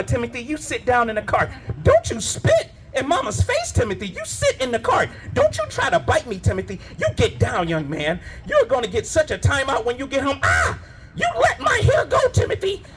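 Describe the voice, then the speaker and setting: A man doing a frazzled shrieking grocery-store mom. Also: high-pitched. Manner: pleading, then shrieking. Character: frazzled young mother losing control of her toddler.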